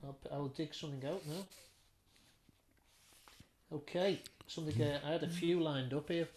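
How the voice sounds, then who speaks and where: A man's voice: fairly high pitch, steady tone, moderate pace, darkish tone, slight background noise. A man with a Liverpool accent, a singer-songwriter chatting casually between songs and laughing as he tells stories.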